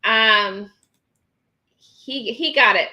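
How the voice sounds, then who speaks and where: A woman's voice: on the high side, very slow, lo-fi sound. A woman hosting a casual live stream, chatting and reading viewer comments aloud with many ums.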